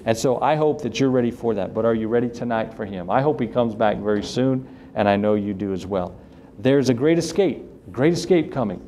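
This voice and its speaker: A man's voice: mid-range voice, fairly quick, mellow, a little hiss or hum. A man preaching a sermon as pastor, earnest and building to emphatic questions. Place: church sanctuary.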